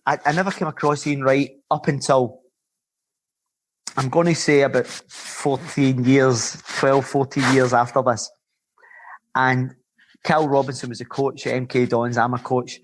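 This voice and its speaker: A Scottish man in his fifties, a former footballer and podcast guest, telling lively rambling stories and swearing freely. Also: medium pitch, measured pace. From Scotland. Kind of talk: casual anecdotal storytelling.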